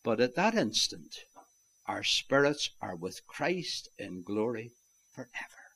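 A man preaching a sermon, swinging from loud declarations to hushed, near-whispered lines and calling his listeners "my friends". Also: on the low side, very animated, takes it slowly, gravelly, breathy edge.

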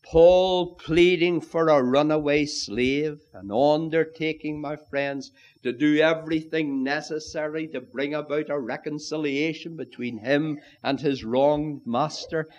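A man preaching a sermon, emphatic and deliberate, swinging from loud rising appeals to quiet, dropped phrases. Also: fairly high pitch, fairly even intonation, muffled recording.

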